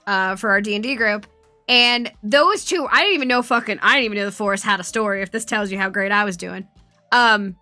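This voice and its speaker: A woman streamer telling rambling, profane stories with a bright, forceful voice. She speaks a little higher than most women, and her voice is close and dry with faint music underneath. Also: no room sound. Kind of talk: casual stream chat. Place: home streaming setup.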